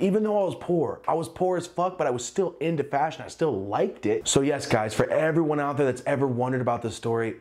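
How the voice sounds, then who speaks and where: A young man telling a personal story in a casual vlog, swearing often and acting out the other voices in the story. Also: mid-range voice. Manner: profane, animated, acts out quoted voices.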